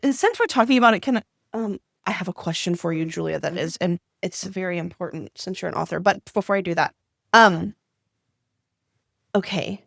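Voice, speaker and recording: A woman co-hosting a podcast, chatty, excitable and openly emotional as she talks. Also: on the low side, a little fast, vocal fry, no room sound, studio quality. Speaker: podcast co-host. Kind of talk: casual interview chat.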